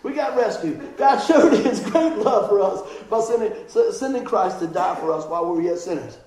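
A middle-aged man, a pastor, preaching a sermon and telling a childhood story, animated and laughing, with voices for the people in it. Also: high voice, normal speed. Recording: very echoey hall.

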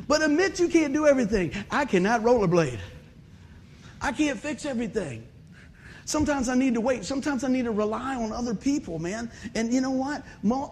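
High-voiced animated male preacher. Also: slight background noise. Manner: animated, laughing, bursts of shouted exclamations. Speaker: pastor. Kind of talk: comic storytelling sermon.

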